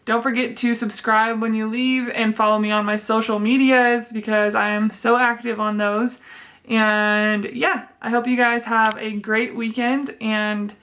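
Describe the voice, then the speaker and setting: A woman's voice: a little high, level tone, a little slow, fairly bright tone. A young woman telling a storytime vlog in a chatty, exasperated way, swearing freely. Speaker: vlogger.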